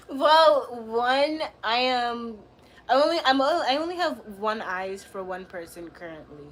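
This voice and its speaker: A young woman talking casually to her livestream chat in a high voice. She speaks in loose slang and teases and trash-talks the people in her chat. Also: animated, takes it slowly.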